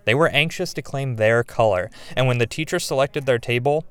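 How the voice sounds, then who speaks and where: A man reporting, mixing calm scripted narration with short questions to people in the field. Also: medium pitch, a little fast, clean tone, no room sound.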